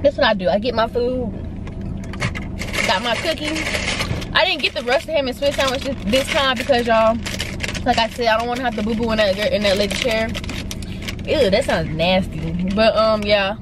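A young woman in her twenties talks straight to her viewers in a chatty, playful, excitable way. Her voice sits a little high, and it comes through a camera mic. There is clear background noise behind her. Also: moderate pace. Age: 20s. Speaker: vlogger. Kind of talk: casual vlog chat to camera. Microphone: handheld camera mic.

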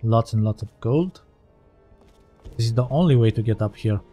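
A man talks through his gameplay in a loose, rambling way, often stopping to correct himself. His voice sits at a middle pitch with a mellow, dark tone, and faint game music plays behind him. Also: normal speed. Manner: rambling, thinking aloud, self-correcting. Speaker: gaming channel host. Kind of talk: let's play commentary.

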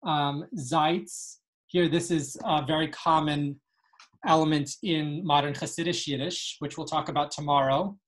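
A woman's voice: low-pitched, fairly even intonation, unhurried. Woman teaching a Yiddish dialect lesson. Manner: explanatory, reads passages aloud and translates. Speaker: webinar teacher. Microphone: video call.

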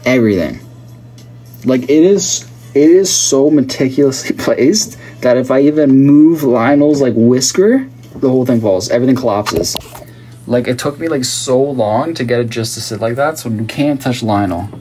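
A man hosts a casual livestream, joking and chatting with viewers while reading their comments aloud. His mid-range voice has a warm tone and moves at a moderate pace, with a slight hiss or hum in the background.

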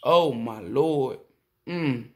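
A woman giving a tarot reading in a casual monologue, excitable and profane, exclaiming as she goes and sounding shaky with excitement. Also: extremely low pitch, very slow. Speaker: tarot reader.

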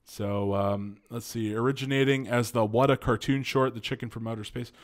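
A man's voice: medium pitch, fairly even intonation, normal speed. A man hosting an online video, reading a news article aloud and breaking in with his own reactions, filler words and remarks to viewers. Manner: reads aloud with frequent interjections and fillers, addresses viewers as folks.

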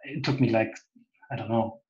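A man with a German accent, talking in a casual interview over a video call, hesitant with many restarts and soft laughs. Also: on the low side, fairly even intonation, moderate pace. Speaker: interview guest. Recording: echoey, dull lo-fi call audio.

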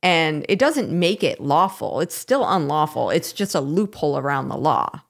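A woman with a slightly low voice co-hosts a talk show. She retells events in an animated, chatty way and is quick to back up her co-host. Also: creaky. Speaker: podcast co-host. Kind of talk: casual commentary.

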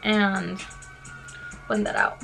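A young woman in a casual get-ready-with-me chat, talking fast and filling her sentences with "like" while she does her makeup at home. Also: medium pitch, very animated, gravelly, music in the background. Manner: fast-talking, full of "like" fillers. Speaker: beauty vlogger.

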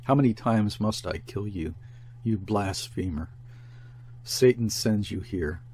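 A man's voice: fairly low pitch, measured pace, mellow, slight background noise. A man reading aloud and voicing a desperate young peasant woman who speaks wildly and in terror. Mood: frantic. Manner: wild, frantic pleading.

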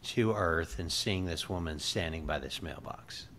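A man hosting an interview, speaking in a measured way and pausing to search for the right word. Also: deep voice, fairly bright tone, a little hiss or hum. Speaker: interview host. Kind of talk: conversational interview.

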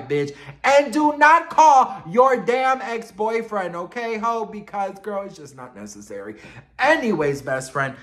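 A man's voice: sits high, a bit bright. A man vlogging celebrity gossip in a sassy, dramatic way, calling his viewers best friend and girl, swearing freely and oversharing. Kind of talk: animated celebrity gossip chat.

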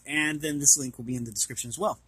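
A man's voice: mid-range voice, fairly even intonation, fast talker, sharp tone, slightly rough, no echo. A man casually reading an art book aloud and commenting, hesitant and apologetic as he stumbles over names.

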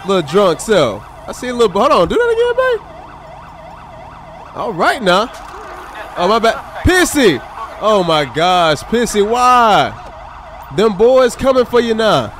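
With a high, bouncy voice that swings widely as he reacts, a male streamer plays a highway patrol officer, a state trooper, in a game. He keeps a measured pace, chats loosely with his audience, and exclaims at game characters, while faint game noise hums behind him.

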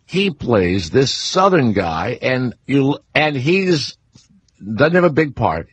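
Husky-voiced older man, rambling radio host. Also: mid-range voice, big pitch swings, slow, no echo. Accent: New Orleans. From New Orleans, Louisiana. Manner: rambling storyteller, many fillers and restarts. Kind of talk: casual radio talk.

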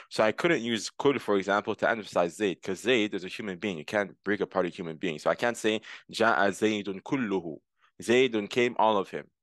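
Patiently repeating key terms, a lowish-voiced man walks through grammar step by step, inserting words and giving a translation for every one. It's a close, dry recording without echo or room sound, and his tone is fairly bright.

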